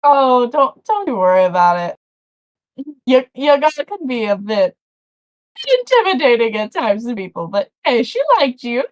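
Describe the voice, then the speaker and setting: A woman's voice: a little high, very animated, a little slow, no echo, highs cut off. A woman voicing a friendly, motherly dwarven woman cook who fusses over her guests, in a tabletop game. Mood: reassuring. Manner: fussing, reassuring, shooing people along.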